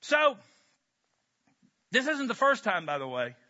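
High bright-voiced male preacher. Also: measured pace. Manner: animated, joking, conversational. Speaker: pastor. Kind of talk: sermon. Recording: dull lo-fi recording.

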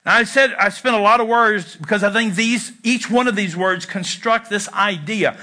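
A man's voice: sits high, normal speed, few pauses, sharp tone. A middle-aged man preaching a sermon in a conversational way, with self-deprecating humor. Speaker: pastor.

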